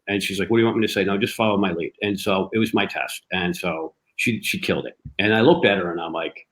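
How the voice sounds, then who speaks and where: A man telling a story in a casual interview, lively, acting out the dialogue he quotes. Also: sits low, quick pace, few pauses, poor audio. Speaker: cigar company guest. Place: live online show.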